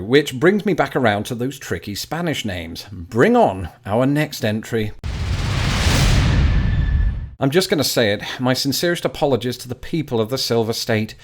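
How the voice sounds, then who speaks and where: A man's voice: medium pitch, big pitch swings, normal speed, hardly any pauses. A British man in his thirties, a YouTube host delivering scripted comic narration in a dry, wry, self-mocking way. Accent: British English. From Britain.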